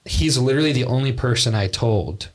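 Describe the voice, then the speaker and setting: A young man co-hosting a podcast tells a story in a loose, rambling way, his medium-pitched voice moving briskly. He fills his speech with fillers and laughs at his own tale during the casual chat.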